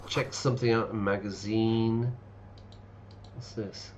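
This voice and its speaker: A man's voice: fairly low pitch, steady tone, takes it slowly, darkish tone, a little hiss or hum. A man, an English teacher, chatting casually and explaining words while streaming a game. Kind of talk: casual let's-play commentary.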